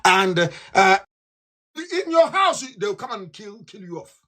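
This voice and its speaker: Nigerian man, radio address, fiery and scornful, voice bright and forceful. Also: sing-song, slow. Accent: Nigerian English. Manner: fiery and scornful, swings from shouts to low mutters. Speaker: radio broadcaster. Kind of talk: impassioned political radio address.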